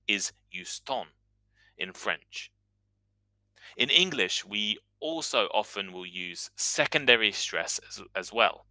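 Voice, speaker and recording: A man teaching English on a podcast, talking through pronunciation points in a clear, explanatory way and saying example sounds aloud. His voice is strikingly bright and forward, at an ordinary pitch. The recording is dry and close, with no room sound. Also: no echo, low-quality recording. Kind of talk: scripted educational podcast monologue.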